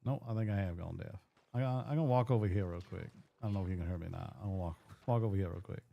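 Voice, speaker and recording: A man with a Cajun accent, roleplaying in character with a folksy drawl and rough grammar. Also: sits low, racing, muffled recording.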